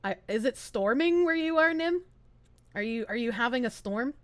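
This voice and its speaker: High-pitched, lively young Southern woman streamer, bursts of laughter, casual swearing, dry close sound. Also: normal speed, no room sound. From American South. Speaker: VTuber streamer. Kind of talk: casual stream chat, reading chat aloud.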